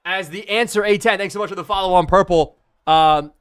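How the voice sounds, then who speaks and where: A man's voice: high-pitched, moderate pace, fairly bright tone, smooth. A young man live-streaming a video game, chatting to viewers and thinking aloud as he plays.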